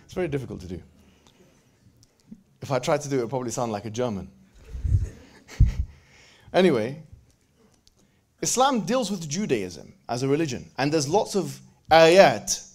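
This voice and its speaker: A man giving a lively religious lecture to a live audience, joking and bantering with the crowd and quoting verses in quick Arabic recitation. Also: medium pitch. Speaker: speaker at a religious event.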